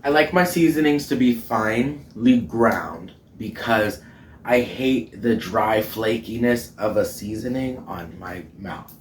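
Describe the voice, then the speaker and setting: A man's voice: mid-range voice, a little hiss or hum. A man hosting a casual cooking vlog from his home kitchen, playful and chatty, often laughing as he talks. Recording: roomy sound from a distant mic.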